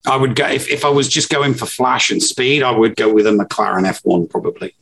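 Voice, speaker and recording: A man's voice: medium pitch, steady tone, brisk, gravelly, fairly bright tone, husky. A man with an English accent co-hosting a podcast in casual chat, giving dry, blunt opinions with plenty of fillers. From England. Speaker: podcast co-host.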